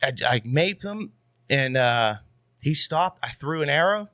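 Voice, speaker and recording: Animated man telling a story on a dry mic. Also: on the high side, measured pace, dry recording. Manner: animated, swears freely, leans on "you know what I mean". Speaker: podcast guest. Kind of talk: casual storytelling.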